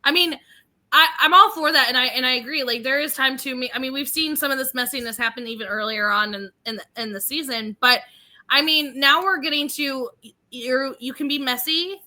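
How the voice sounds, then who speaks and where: A woman's voice: high-pitched, sharp tone. A woman co-hosting a reality show podcast, chatting animatedly, laughing often and restarting her sentences. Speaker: podcast co-host. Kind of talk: casual chat.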